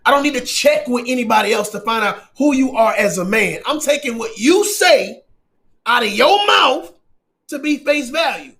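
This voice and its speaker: A man's voice: very high voice, expressive, moderate pace, vocal fry, fairly bright tone. A man hosting his own commentary channel, talking emphatically and preachily with frequent profanity. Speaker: channel host. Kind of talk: casual commentary.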